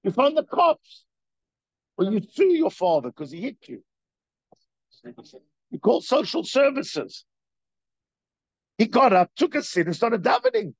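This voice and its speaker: Speaking a little slowly with long pauses, a man with a high, husky voice leads a Torah class. He reads the Hebrew, then explains it in English with mounting emphasis, animated and repeating his points. The audio is dull with no echo.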